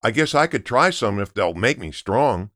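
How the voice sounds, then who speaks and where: A man's voice: on the low side, lively intonation, moderate pace, a bit bright, no room sound, studio quality. A man voicing a sulky little girl in a read-aloud storybook. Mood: sheepish. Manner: sulky, then apologetic. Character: grumpy little girl who hates vegetables.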